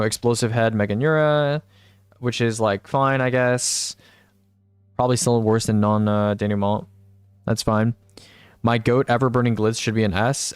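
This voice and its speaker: Smooth-voiced young man rambling through a tier list. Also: mid-range voice, no room sound, studio quality. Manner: rambling, thinks aloud, reads chat replies. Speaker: streamer. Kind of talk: casual live-stream gaming commentary.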